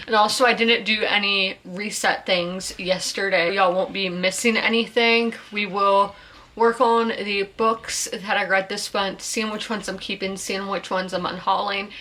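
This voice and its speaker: Chatty woman book vlogger, bright tone, rambling and casual. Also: mid-range voice. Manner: chatty, rambling, self-correcting. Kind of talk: casual chat.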